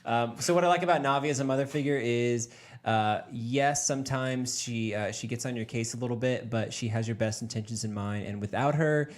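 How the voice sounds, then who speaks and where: A man's voice: mid-range voice, a little fast. A young man hosting a casual podcast chat, laughing often and talking around his point with many fillers. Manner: giggly, rambling, lots of fillers. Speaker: podcast host.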